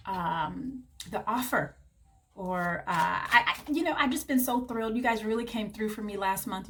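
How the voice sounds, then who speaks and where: A woman's voice: mid-range voice, slight background noise. A woman giving a tarot reading to her viewers, gushing and affectionate, calling the listener honey and baby. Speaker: tarot reader.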